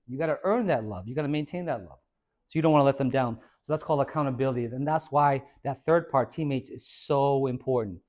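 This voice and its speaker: A man, a fitness trainer, gives a casual motivational talk to a small group and acts out the voices of the people in his stories. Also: fairly high pitch. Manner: animated storyteller who acts out quoted voices.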